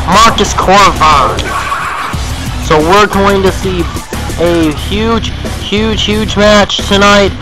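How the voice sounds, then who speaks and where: A young man calling a wrestling match play-by-play, excitable and repetitive, with sudden yelps at big hits. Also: high voice, low-quality recording. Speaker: play-by-play announcer.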